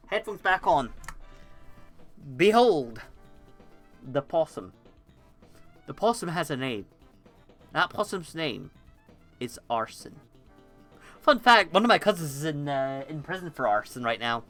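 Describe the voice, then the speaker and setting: Lively, bright-voiced woman streamer. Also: deep voice, moderate pace, pauses often, soft background music. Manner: rambling, animated, laughs often, swears freely. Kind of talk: casual live-stream commentary on memes. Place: home desk setup.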